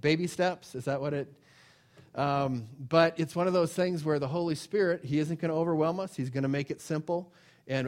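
A man's voice: fairly high pitch, fairly quick, a little mellow. A man giving an informal sermon and telling a personal story. He acts out quoted voices, repeats phrases and often restarts his sentences. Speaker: preacher.

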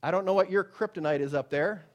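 A middle-aged male pastor preaching a sermon, swinging from loud emphatic declarations to hushed, soft pleading. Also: sits high, fast talker.

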